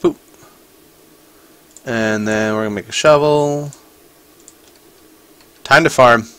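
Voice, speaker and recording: A man's voice: medium pitch, unhurried, pauses often, bright, forceful tone, smooth, no echo. A man casually commenting as he plays a video game, chatty and playful, talking to the creatures on screen. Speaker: gaming channel host. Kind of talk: casual let's-play commentary.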